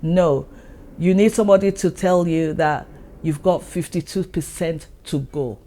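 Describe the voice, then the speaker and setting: A woman's voice: lowish voice, fairly even intonation, unhurried, mellow. Earnest woman giving a motivational talk. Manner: earnest, repeats points for emphasis. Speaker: channel host.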